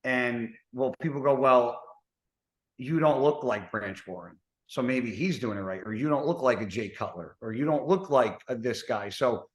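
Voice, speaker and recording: A man who is a bodybuilder, chatting casually on a podcast and rambling through halting restarts. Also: medium pitch. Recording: roomy echo.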